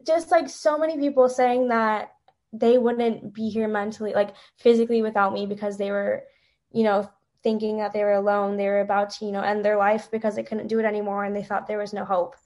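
A young woman, a podcast guest, telling an emotional personal story in a halting, tearful way with many fillers. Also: medium pitch, level tone, darkish tone.

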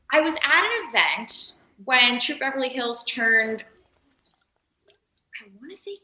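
A woman guest in casual interview chat, telling animated stories and acting out quotes. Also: sits high, takes it slowly, roomy sound, poor audio. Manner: animated storytelling, acts out quotes. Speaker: guest, producer of a remote show.

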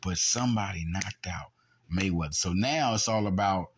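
A low-pitched male podcast host speaks at a moderate pace, with slight background noise in the recording. His heated, argumentative sports commentary includes sound effects mimicking punches.

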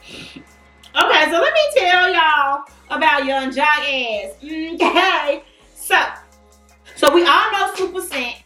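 A woman hosting a casual celebrity gossip chat, talking in an animated, slangy and playful way. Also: high voice, slow pace, faint music behind. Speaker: podcast host. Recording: echoey room, far from the mic.

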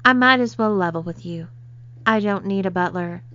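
A woman's voice: medium pitch, moderate pace, a bit bright, close to an everyday voice. Brief: woman reading as a stern, commanding lady of the house; cool authority, muffled lo-fi sound. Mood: imperious. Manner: imperious, cool. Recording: slightly dull lo-fi recording.

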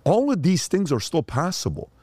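A man's voice: fairly high pitch, sing-song, moderate pace, darkish tone, dry recording. A man, a father, telling stories as a podcast guest and acting out the voices of the people in them. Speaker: father of young sons. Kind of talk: animated storytelling.

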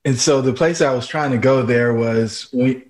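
A man's voice: medium pitch, normal speed, darkish tone. A man hosting an interview, easygoing and steering the conversation toward the next topic. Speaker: podcast host.

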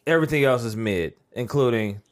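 Podcast host, male, mid pitch, blunt and opinionated in casual chat. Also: lively intonation, a little fast, a loud crowd. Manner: blunt, opinionated, laughs often.

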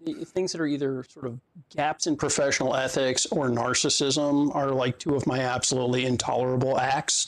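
A man in his fifties, an interview guest and fitness coach, telling stories in a rambling, profane way with lots of fillers and frequent laughs. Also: mid-range voice. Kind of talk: casual storytelling chat.

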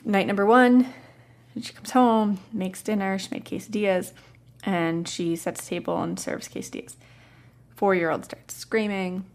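A woman's voice: mid-range voice, normal speed. A woman hosting a parenting podcast, telling a client story in a casual, conversational way and acting out the quotes.

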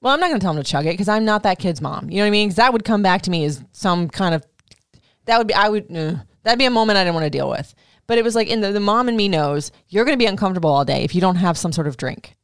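A middle-aged woman hosting a casual chat, telling a story with swearing and lively acted-out quotes. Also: medium pitch, fast talker, clean tone, no room sound, clean studio sound. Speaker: podcast host.

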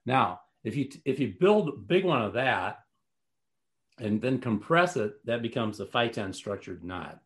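A man's voice: mid-range voice, animated, unhurried, fairly bright tone. A man telling a long personal story in a casual interview, rambling with many fillers and restarts. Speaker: guest.

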